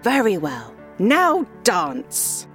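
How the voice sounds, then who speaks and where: A woman voicing a group of indignant ants in a storybook reading, shrill and scornful toward a lazy neighbor. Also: wildly swooping pitch, drawn-out words, a bit bright, faint music behind, full character voice.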